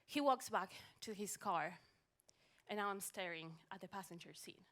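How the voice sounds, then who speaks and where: A woman telling a funny personal story on stage at a live storytelling event, animated with wry timing, into a stage mic. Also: mid-range voice, moderate pace.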